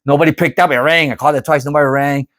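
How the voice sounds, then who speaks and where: A middle-aged man chats straight to his viewers, telling a story in a loose, excitable way that circles back and repeats itself. His voice sits a little high for a man and sounds dry and close, with no room around it. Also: very fast, dry recording. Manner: animated, rambling, repeats himself. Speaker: vlogger. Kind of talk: casual storytelling to camera.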